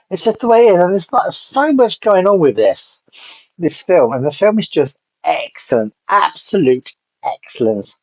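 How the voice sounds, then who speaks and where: A man's voice: medium pitch, very animated, measured pace, a little mellow, dry recording. Rambling man, dull lo-fi sound. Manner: rambling, blunt, swears casually, trails off. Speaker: film reviewer. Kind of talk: casual rambling film review.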